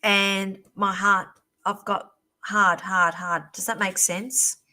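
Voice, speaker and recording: A woman hosting a live-stream psychic reading, chatty and reassuring, calling viewers darling, her voice going a little hoarse. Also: medium pitch, flat delivery, takes it slowly, sharp tone. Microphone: computer or phone mic on a live stream.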